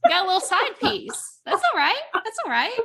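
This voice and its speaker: A woman's voice: very high voice, very animated, fairly quick, vocal fry, bright, forceful tone, a little hiss or hum. A woman hosting a podcast in casual chat, playful and teasing, laughing often. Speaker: podcast host.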